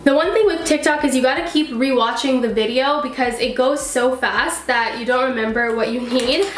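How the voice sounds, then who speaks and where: Upbeat woman cooking-channel host, high voice, congested and nasal from a cold, chatty with fillers, in a roomy, echoing kitchen. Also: normal speed. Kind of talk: casual chatty vlog. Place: home kitchen. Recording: echoey kitchen.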